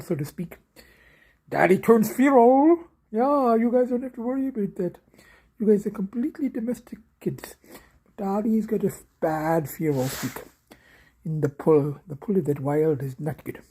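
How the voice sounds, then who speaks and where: A man talking casually to camera in a vlog, halting and trailing off, often dropping to a near whisper. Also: on the high side, creaky, darkish tone, breathy edge. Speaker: vlogger.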